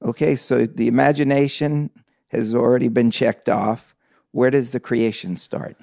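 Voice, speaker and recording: A man's voice: medium pitch, steady tone, unhurried, creaky, darkish tone, no echo, studio quality. A man interviewing a guest, asking curious follow-up questions. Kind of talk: conversational interview.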